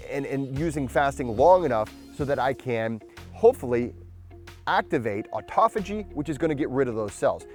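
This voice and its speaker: A man's voice: medium pitch, a little mellow. A man hosting his own channel, talking casually to camera about a supplement, often restarting his sentences. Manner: rambling, restarts often, talks with powder under his tongue. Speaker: channel host.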